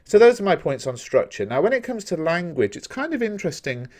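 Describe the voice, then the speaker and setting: A man teaching a recorded lesson on a poem, explaining each point in a measured, direct way to his viewers. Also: fairly high pitch, sing-song, a little mellow. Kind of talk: recorded poetry analysis lesson.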